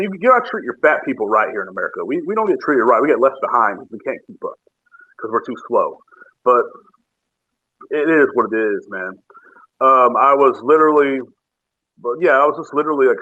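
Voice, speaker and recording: Fast-talking man ranting over a tinny phone line. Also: lowish voice, sharp tone. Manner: profane, joking, rambling rant. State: drinking bourbon while talking. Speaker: podcast host. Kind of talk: casual ranting monologue. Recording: tinny phone-app audio.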